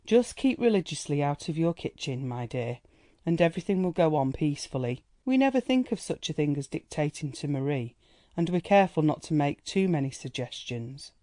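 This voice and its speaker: Storybook society woman, indulgent and condescending, played by the narrator in a mellow, dry read. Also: mid-range voice, animated, a little fast, dry recording, lightly acted. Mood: counselling. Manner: indulgent, chattering, patronizing. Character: gushing condescending society woman, young adult.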